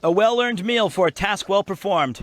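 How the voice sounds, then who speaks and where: A man's voice: sits high, normal speed. A man live-streaming in a car on a charity trip, joking and reading chat aloud. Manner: playful, jokey, reads chat aloud.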